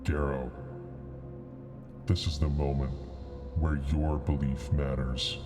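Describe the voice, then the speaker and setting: A man's voice: a bass voice, level tone, over music, pitched below the performer's own voice. A man voicing a sinister disembodied voice that whispers cold, commanding pronouncements in a tabletop game. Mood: ominous. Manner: slow, ominous pronouncements.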